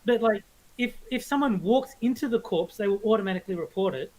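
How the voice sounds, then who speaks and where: A man's voice: high-pitched, fast, a little mellow, low-quality recording. Man casually explaining game rules. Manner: explains rules step by step, with many fillers and restarts. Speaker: podcast co-host.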